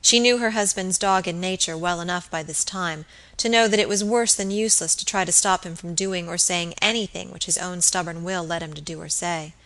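Bright-voiced woman narrating a novel. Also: lowish voice, a little fast, hardly any pauses, rough recording. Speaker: audiobook narrator. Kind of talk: scripted narration of a classic novel.

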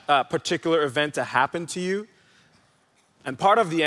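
A man's voice: on the high side, a little fast, pushed and bright. A young man preaching a sermon in a large church hall, telling stories in a conversational, playful way. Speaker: pastor. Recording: hall reverb.

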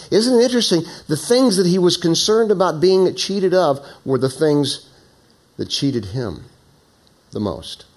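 A middle-aged man preaches, moving between stories and scripture. He drops to a hushed, low voice, then climbs high and loud to press a point home. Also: expressive, a little slow. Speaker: pastor. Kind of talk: sermon.

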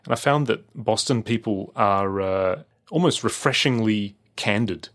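A man's voice: lowish voice, a little slow, fairly bright tone. A man with an Australian accent, chatting casually as a podcast co-host, rambling with lots of fillers and restarts. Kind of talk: casual chat.

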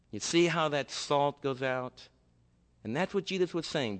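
A man preaching a sermon, telling a story in a lively, conversational way to his congregation. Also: mid-range voice, normal speed, in a large hall. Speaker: pastor.

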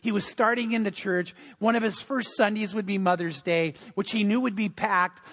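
A man's voice: high-pitched, steady tone, normal speed, few pauses, fairly bright tone. A man preaching a sermon as pastor in a church, telling humorous stories. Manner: humorous storytelling.

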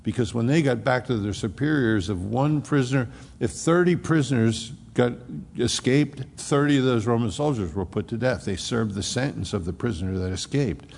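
A man's voice: mid-range voice, normal speed, creaky, darkish tone, long reverb tail. A man preaching a sermon, retelling scripture in a folksy, storytelling way with casual asides.

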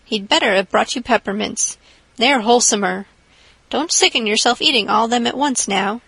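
A stern, practical older woman with a brisk, clipped and scolding way of talking, as a woman reads her. The voice is fairly high and dry, close to the mic. It comes from an audiobook. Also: gravelly, a bit bright, husky, no echo, exaggerated voice, low-quality recording. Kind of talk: audiobook character reading.

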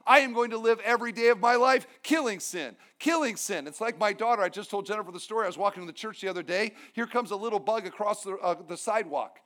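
A man's voice: sits high, fast, few pauses, fairly bright tone. A male pastor preaching a sermon, emphatic, with humorous asides.

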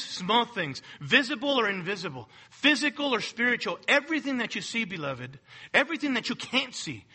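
A man's voice: high voice, pushed and bright, husky. A man preaching a sermon with emphatic delivery, asking rhetorical questions and repeating key phrases. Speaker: pastor.

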